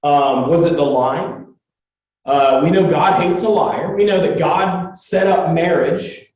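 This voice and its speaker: A young man giving a casual, chatty Bible lesson, retelling the story with lots of fillers and animated asides. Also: a little high, slow pace. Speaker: Bible teacher. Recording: distant echoey lo-fi recording.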